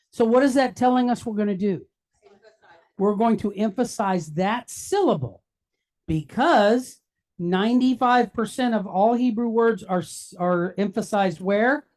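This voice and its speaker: Give me a patient male teacher slowly sounding out words for a class. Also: high voice. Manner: patient, checks in often with "right?" and "okay?". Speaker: Hebrew teacher. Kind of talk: classroom lesson.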